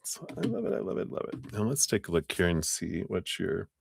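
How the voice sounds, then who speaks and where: A man's voice: deep voice, sing-song, brisk, creaky, slightly rough, no room sound, in a whisper, clean studio sound. A man giving a chatty live tarot reading, laughing often as he talks. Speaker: tarot reader.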